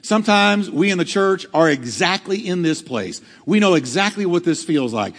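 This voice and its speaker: A man's voice: high voice, animated, normal speed, big-room sound. A male pastor preaching a sermon, acting out quotes with dramatic swings in delivery. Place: church hall.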